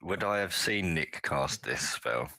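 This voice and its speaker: A man's voice: a bass voice, animated, a little slow, vocal fry, bright, forceful tone. A man chatting casually as a player in an online tabletop game. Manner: easygoing, describing his character's moves.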